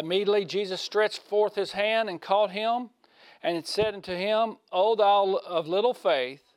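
A man giving a conversational sermon in a folksy way, asking his listeners questions and swinging from loud to hushed. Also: sits high, no echo. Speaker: preacher.

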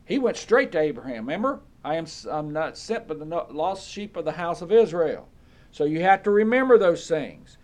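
Guy with a fairly high voice teaching bible verses, reads them out then asks okay?. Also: expressive, normal speed. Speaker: preacher. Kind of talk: Bible study sermon.

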